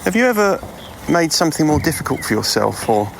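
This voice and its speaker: A man's voice: a little high, sing-song, a little fast, creaky, background noise. A man reading a scripted podcast intro, posing rhetorical questions to the listener. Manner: rhetorical, presenting. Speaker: podcast host. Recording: intro voice with music bed.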